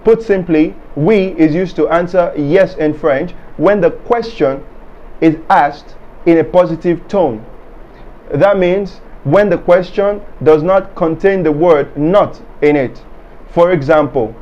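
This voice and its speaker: Mellow-voiced man teaching French. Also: fairly high pitch, muffled recording. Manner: clear, measured delivery with repeated example phrases. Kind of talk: scripted language lesson.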